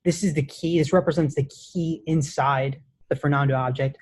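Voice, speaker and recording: Brief: male coding instructor, relaxed classroom lecture, talks while typing. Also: fairly high pitch, moderate pace, a little hiss or hum. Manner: casual, many restarts, says "right?" often.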